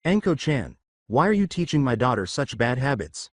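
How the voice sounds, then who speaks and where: A man's voice: medium pitch, big pitch swings, moderate pace, no echo, clean studio sound. A man voicing a cocky young male ninja hero who talks in a boastful, playful way.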